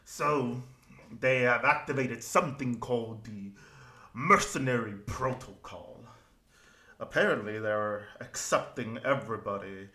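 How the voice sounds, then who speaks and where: A man's voice: mid-range voice, bright, forceful tone, reverberant. A man voicing a friendly, chatty male dwarf who works at a train station, talking heartily and tossing in "aye" and "eh".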